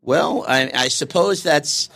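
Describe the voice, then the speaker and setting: A man's voice: a little high, slow, gravelly, a bit bright. A middle-aged man, a business consultant, telling a joke and acting out its voices during a live interview at a networking event. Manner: storyteller, acts out voices in a joke.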